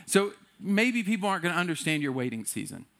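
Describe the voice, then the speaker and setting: A man's voice: high-pitched, sing-song, fast, gravelly, fairly bright tone. Casual, conversational male preacher. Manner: conversational, playful, acts out quotes. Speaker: pastor. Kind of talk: sermon.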